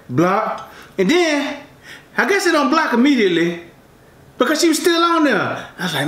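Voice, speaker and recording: A man tells a story to camera in a lively, sing-song way, his pitch leaping around as he laughs through it. His voice is bright and forward. The room around him is echoey. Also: normal speed. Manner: animated, laughs often, drawling asides. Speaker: mukbang vlogger. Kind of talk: casual storytelling to camera while eating.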